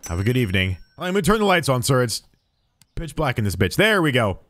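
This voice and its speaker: A man's voice: mid-range voice, sing-song, quick pace, a bit bright, no room sound. A man streaming a game, chatting playfully with in-game customers as if he were a cheerful cashier. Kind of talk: casual gameplay commentary.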